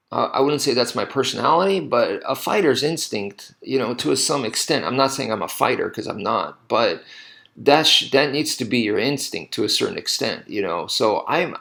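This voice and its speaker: A man's voice: medium pitch, vocal fry, a bit bright. A man casually telling a story to camera, rambling and correcting himself often with lots of "you know" asides. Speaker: martial arts instructor.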